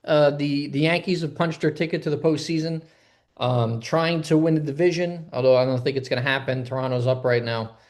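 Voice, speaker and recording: A man co-hosting a casual sports podcast, talking in a relaxed way with lots of "um"s. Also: on the high side, fairly quick. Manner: laid-back, filler-heavy. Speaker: podcast co-host.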